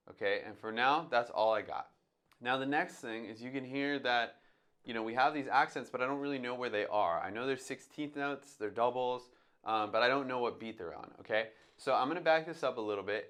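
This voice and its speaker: Guy walking you through jazz drum transcription, chatty, sings the drum hits out loud. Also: mid-range voice. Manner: talks through his thinking, sings drum sounds aloud. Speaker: drum teacher. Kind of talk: casual instructional talk.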